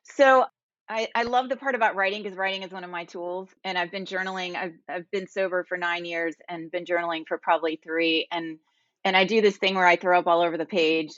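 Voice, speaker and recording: A woman's voice: fairly low pitch, fairly even intonation, brisk, fairly bright tone, no echo, muffled recording. A woman guest on a recovery podcast, reflective and sharing her own experience in a casual chat.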